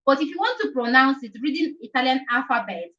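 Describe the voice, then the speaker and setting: Bright, high-voiced woman teaching a lesson. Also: big pitch swings, fairly quick, muffled recording. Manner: repetitive, explains each point several times with many "okay?" checks. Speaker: language teacher hosting a live chat. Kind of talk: casual live-stream lesson.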